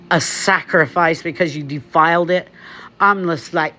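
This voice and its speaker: A man's voice: on the high side, fairly even intonation, moderate pace, pushed and bright, soft background music. A man from the United States ranting emphatically to camera, laughing often. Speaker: vlogger. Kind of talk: opinion rant to camera.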